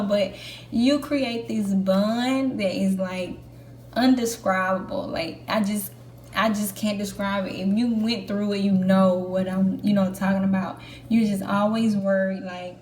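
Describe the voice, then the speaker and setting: A woman's voice: medium pitch, normal speed, darkish tone. Young woman vlogging, chatty and candid, says "like" a lot, kinda echoey room. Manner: chatty, candid, lots of fillers like "like". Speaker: Air Force trainee vlogger. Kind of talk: casual chat to camera. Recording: echoey room with faint background hum.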